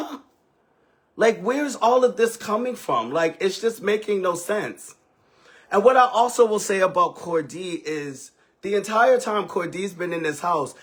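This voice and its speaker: On a livestream, a man tells a dramatic story in a loose, foul-mouthed way, lurching from loud outbursts to quiet asides. His voice is fairly high and husky.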